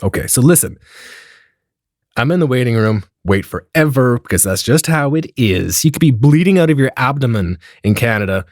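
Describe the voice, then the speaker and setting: A man telling a comedic story in a profane, animated way, acting out the dialogue as he goes. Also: medium pitch, normal speed, no room sound, clean studio sound.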